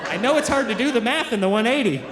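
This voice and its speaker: A man's voice: extremely high pitch, animated, fast. A man doing stand-up comedy, teasing the crowd in a conversational way, on stage. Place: live comedy venue. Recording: live stage with hall reverb and audience noise.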